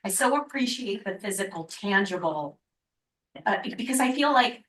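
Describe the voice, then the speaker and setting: A woman's voice: medium pitch, lively intonation, normal speed, a bit bright. A woman on a school board, earnestly asking a rambling question. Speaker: board member. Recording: echoey room with faint noise.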